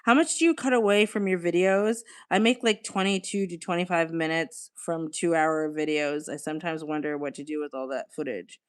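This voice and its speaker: A woman's voice: low voice, moderate pace, hardly any pauses, smooth. Chatty young woman live streaming. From Australia. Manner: chatty, laughs often, swears casually. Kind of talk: casual live-stream chat.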